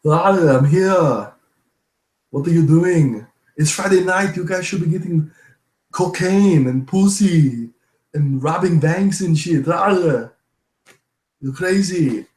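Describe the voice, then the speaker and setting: A man doing an impression of a famous film actor, with strange pauses and a drawn-out, wondering delivery. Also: fairly high pitch, a little mellow, reverberant, pitched above the performer's own voice, low-quality recording. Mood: odd wonder.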